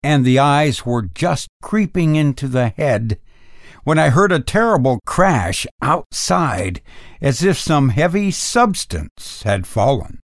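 A man narrating a first-person ghost story in a dramatic, expressive reading. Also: medium pitch, takes it slowly, no room sound, clean studio sound.

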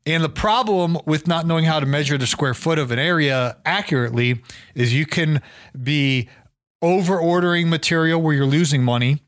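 A man's voice: fairly high pitch, normal speed. A man hosting a podcast, telling a story casually with many fillers and restarts, his voice a little worn. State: losing his voice. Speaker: podcast host.

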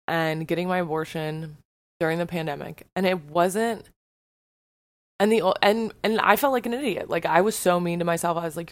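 Young woman ranting on her podcast, swears a lot, lowish voice, dry close mic. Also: no room sound. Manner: frank and profane, heated. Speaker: podcast host. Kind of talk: personal monologue.

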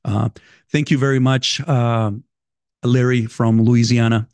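A man with a foreign accent, talking casually to his viewers as a vlogger, halting and rambling with many restarts. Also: medium pitch, level tone, darkish tone, clean tone, dry recording. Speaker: vlogger reading viewer messages. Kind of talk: casual direct-to-camera talk.

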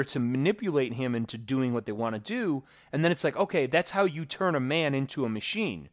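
Animated man mocking a movie, dry sound. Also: medium pitch, fairly quick, hardly any pauses, dry recording. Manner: animated, mocking, acts out quotes. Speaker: podcast co-host. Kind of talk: casual movie review chat.

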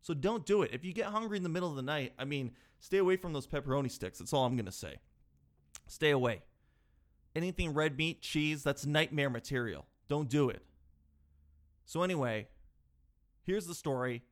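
Young guy doing comedy stories, kinda high voice, gets loud then mumbles. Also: moderate pace, long pauses. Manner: animated, swings between loud yelling and mumbled asides. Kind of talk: comedic storytelling.

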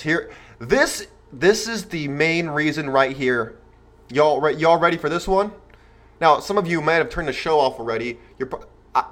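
A man in his twenties hosting a show, giving a blunt, slangy motivational talk to young men and parents, acting out the voices of others. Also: on the high side. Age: 20s. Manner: animated, acts out voices of others. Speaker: podcast host. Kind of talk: motivational monologue.

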